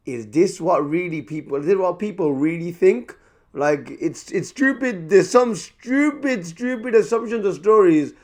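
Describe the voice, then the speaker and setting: Sitting at a table indoors, a young man chats casually to the camera while eating, his voice fairly high. He's lively and talkative and repeats himself, though he quiets down once the food goes in.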